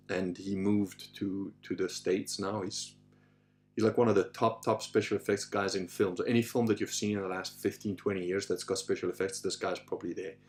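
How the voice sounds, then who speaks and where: A man hosting a podcast, telling stories in a loose, animated way, swearing casually and acting out what others said. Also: mid-range voice. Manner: animated, swears casually, acts out quoted voices. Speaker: podcast host. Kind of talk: casual anecdotal storytelling.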